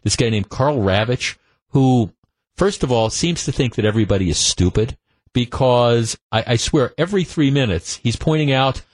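A man hosting a call-in sports talk radio show, ranting in an animated, exasperated way with frequent stumbles and restarts, speaking into a studio microphone. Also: mid-range voice, moderate pace, no echo.

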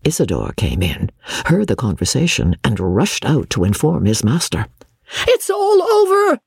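Slow husky guy reading an old novel aloud, really dry close sound, voice bounces around a lot. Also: fairly low pitch, no echo. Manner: expressive storyteller's reading. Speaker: narrator. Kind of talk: audiobook narration.

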